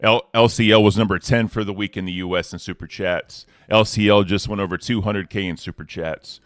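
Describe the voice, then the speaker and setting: A man hosting a casual livestream, laid-back and slangy, giving hype shout-outs to the community. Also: on the low side, fairly even intonation, brisk, no room sound, clean studio sound. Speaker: host.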